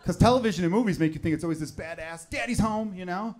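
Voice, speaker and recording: A man, performing a stand-up comedy set on stage. He talks conversationally and jumps into loud, exaggerated voices when acting out other people. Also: high-pitched, fast talker. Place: comedy club stage with laughing audience.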